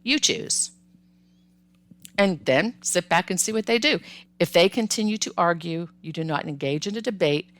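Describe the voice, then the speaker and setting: A woman's voice: on the low side, brisk. A woman hosting a parenting podcast, giving upbeat, conversational advice and sometimes acting out what parents and children say. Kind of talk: solo podcast advice talk.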